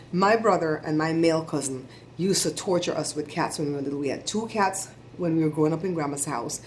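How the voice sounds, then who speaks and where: A middle-aged woman vlogger giving chatty, animated shout-outs to her viewers. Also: fairly low pitch, a little hiss or hum. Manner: chatty, animated storytelling with laughs.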